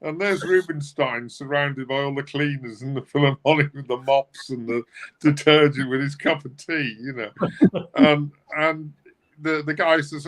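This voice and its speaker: A man's voice: a little high, a little slow, fairly bright tone. A man on a music livestream telling an anecdote casually, chatty and full of fillers. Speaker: livestream co-host.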